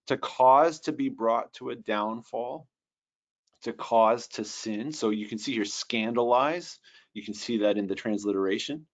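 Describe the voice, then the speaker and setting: A man teaching a webinar lesson on Bible translation. He explains carefully and reads Greek slowly. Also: mid-range voice, lo-fi sound. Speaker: Bible software trainer.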